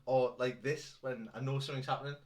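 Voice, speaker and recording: A man's voice: medium pitch, steady tone, quick pace. A man with a North East English accent co-hosting a podcast, bantering and swearing casually. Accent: North East English, between Newcastle and Durham. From North East England. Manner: banterish, swears a lot, laughs often. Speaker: podcast co-host. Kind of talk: casual chat. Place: room at home. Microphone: shared microphone.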